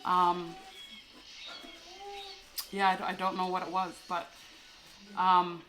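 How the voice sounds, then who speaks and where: A young woman telling a candid personal story as a podcast co-host, soft and halting with many fillers and restarts. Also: fairly low pitch, monotone.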